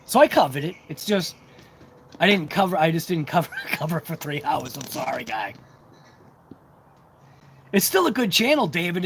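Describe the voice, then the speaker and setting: An RC hobby channel host chats with viewers during a casual livestream, rambling on and poking fun at himself. He has a high-sitting voice with a breathy edge.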